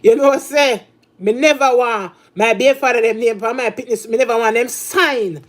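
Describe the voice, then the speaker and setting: A woman's voice: fairly high pitch, brisk. A middle-aged Jamaican woman ranting and scolding in heavy patois, talking casually to her viewers.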